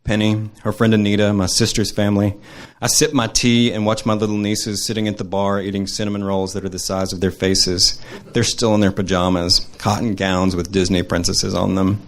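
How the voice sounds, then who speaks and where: A man reading his personal essay aloud to a live audience, earnest and measured. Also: fairly low pitch, flat delivery. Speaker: storyteller.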